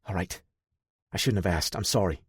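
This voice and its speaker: A man's voice: sits low, normal speed, slightly rough, dry recording, clean studio sound. A man voicing an earnest, driven young male programmer in an audiobook, talking with urgency. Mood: urgent.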